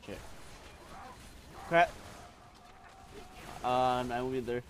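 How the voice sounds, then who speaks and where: A man commenting on a blind video game playthrough, excitable, swearing and yelling at enemies as he plays. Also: medium pitch, a little fast, slight background noise. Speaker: let's play gamer.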